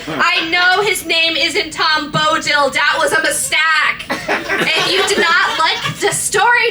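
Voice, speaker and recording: A woman's voice: very high-pitched, slow pace. Amused woman reading to a crowd. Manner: amused, laughs between lines. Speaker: reader. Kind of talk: live comic dramatic reading. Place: room with audience. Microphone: audience camera from far off. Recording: distant, faint room noise.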